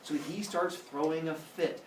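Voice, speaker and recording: A man's voice: fairly high pitch, fairly even intonation, measured pace, a little mellow, slight background noise. A male teacher retelling a myth to his class in a playful, jokey way. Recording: echoey classroom from far off.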